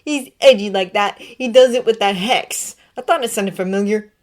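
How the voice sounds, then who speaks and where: A woman's voice: mid-range voice, moderate pace, pitched above the performer's own voice, close to an everyday voice. A woman voicing a cocky teenage wizard bully who taunts and mocks, in a read-aloud fan story. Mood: mocking. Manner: taunting, mocking, loud.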